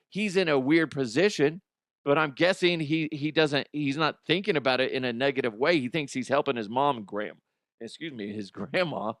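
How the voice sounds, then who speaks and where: A man's voice: a little high, a bit bright, no room sound. A man hosting a comedic news podcast, ranting about odd stories with profane, laughing commentary into a close microphone. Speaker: podcast host.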